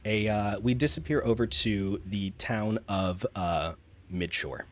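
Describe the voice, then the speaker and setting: A man's voice: fairly low pitch, measured pace. A man narrating a tabletop game as game master, rambling with frequent fillers and restarts.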